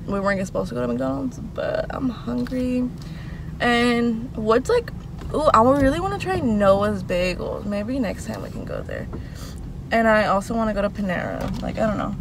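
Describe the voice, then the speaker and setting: A young woman vlogging in a high, gravelly voice. She chats casually and unhurriedly, leaning on "like" as she talks. A faint background hiss sits under her voice. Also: animated, normal speed. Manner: chatty, fills speech with "like". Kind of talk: casual vlog chat.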